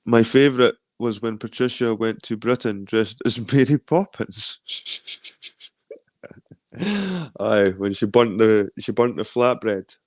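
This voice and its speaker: A man's voice: lowish voice, fairly even intonation, slow pace, darkish tone, dry recording, studio quality. A Scottish man hosting a stream, chatting loosely and reading out viewer comments, rambling with lots of swearing. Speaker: stream host.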